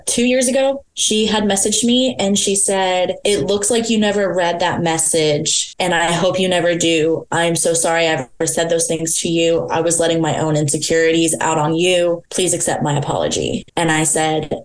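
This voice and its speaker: A woman's voice: lowish voice, fairly even intonation, moderate pace, few pauses. A young adult woman telling a personal story on a podcast in a candid, conversational way, often quoting what others said. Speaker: podcast guest. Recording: echoey room.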